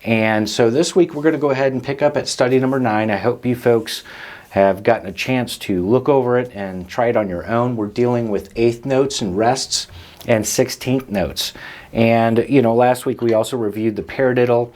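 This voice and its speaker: A man's voice: medium pitch, normal speed, a little mellow. A man hosting a drum lesson, explaining rhythms patiently and counting the beats aloud. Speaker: drum teacher and host.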